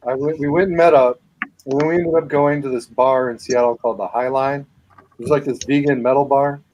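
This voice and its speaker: A man's voice: mid-range voice, fairly even intonation, a little fast, darkish tone, lo-fi sound, slight background noise. A man telling rambling, profane anecdotes in a casual chat between friends. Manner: swears a lot, rambling anecdotes.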